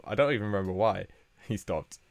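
A man's voice: on the low side, brisk, creaky. A young man co-hosting a podcast, chatting casually, teasing and laughing often. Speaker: podcast co-host. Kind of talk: casual chat.

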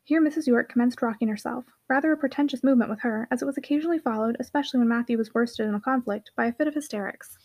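A woman's voice: on the high side, very fast, hardly any pauses, a little mellow, dry recording. Woman narrating a classic novel, dry close sound. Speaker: audiobook narrator. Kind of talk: audiobook narration.

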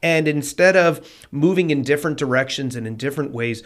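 A man's voice: fairly high pitch, a little fast. A man co-hosting a casual podcast, retelling movie scenes with animation and reading scripture passages aloud. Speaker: podcast co-host. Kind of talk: casual film discussion podcast.

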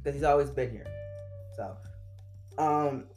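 A man's voice: medium pitch, fairly even intonation, measured pace, a little mellow, faint music behind. A man hosting his own channel, talking casually with slang and loose phrasing. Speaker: channel host. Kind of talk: casual commentary.

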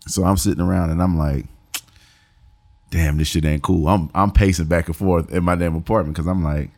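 Young man, very low voice, slangy, laid-back storytelling, laughs often. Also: steady tone, fast, darkish tone. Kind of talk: casual storytelling chat.

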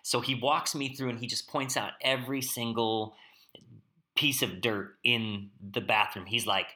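A male podcast host with a very bright, sharp voice. He talks in a reflective, easy way and often pauses on fillers. His pitch sits in a middle range. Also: fairly even intonation. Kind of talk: casual podcast interview and outro.

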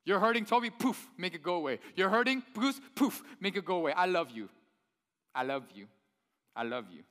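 A man's voice: high voice, expressive, brisk, fairly bright tone, long reverb tail, pitched below the performer's own voice. A man voicing a careless male god who brushes hurt away with easy, soothing words. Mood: breezy.

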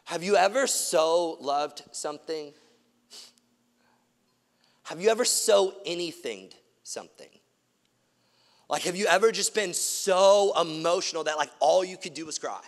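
A man's voice: fairly high pitch, measured pace. A man in his thirties preaching a sermon, casual and emphatic, telling stories as a pastor. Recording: long reverb of a large hall.

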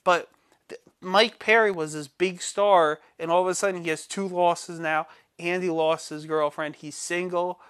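A man with a somewhat high-pitched voice talks loosely as the host of a casual commentary show. He rambles, backs up and restarts his sentences, and lays out firm opinions. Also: fairly even intonation, a little slow, fairly bright tone, smooth.

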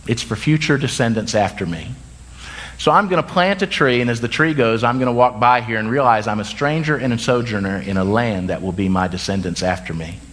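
A man preaching a sermon as pastor, conversational with quick asides and self-corrections, and he says he is tired. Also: mid-range voice, a bit bright.

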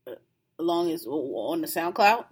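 Lively, husky-voiced woman podcaster. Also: low voice, measured pace. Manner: animated storytelling, laughing often, profane; mocking imitations of others. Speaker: podcast co-host. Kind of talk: casual chat.

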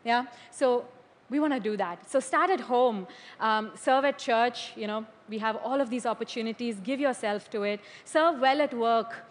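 A woman preaching a sermon in a church hall. She is animated, laughs often and keeps checking in with "okay?". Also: on the high side, normal speed. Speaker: church leader. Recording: long hall reverb.

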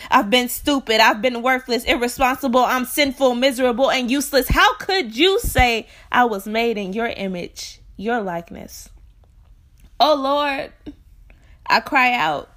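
A woman performing a spoken word poem like a prayer, impassioned, moving between hushed lines and crying out. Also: high-pitched.

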